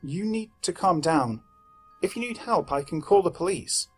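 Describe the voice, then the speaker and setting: A guarded mother speaking firmly in a husky, slightly raised voice, as a male narrator reads her. Faint music runs beneath. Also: high voice, expressive, normal speed, voice pushed up. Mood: wary. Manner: firm, guarded. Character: wary, firm mother.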